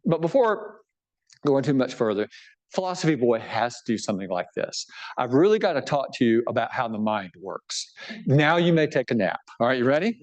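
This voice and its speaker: A man's voice: mid-range voice, sing-song, brisk, darkish tone. A man, a bishop, giving an informal book talk to a live audience, conversational and joking, often checking in with his listeners. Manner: self-deprecating humor.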